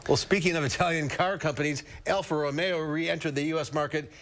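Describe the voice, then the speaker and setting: A man's voice: on the high side, steady tone, a little fast, a bit bright. A man narrating a TV news car feature in an upbeat, playful way. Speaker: TV news auto reporter.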